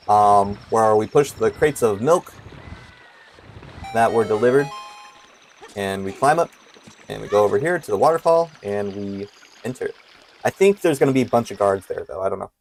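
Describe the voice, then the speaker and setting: A man's voice: on the low side, a little mellow. A young man giving casual commentary while playing a video game, hesitant and full of filler words. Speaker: streamer.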